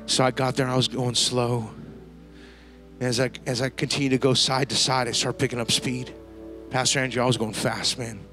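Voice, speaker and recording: A man preaching a sermon to a church congregation, telling a lively story and using casual slang. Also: mid-range voice, brisk, soft background music. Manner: storytelling, animated, slangy asides. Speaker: pastor. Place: church service before a congregation.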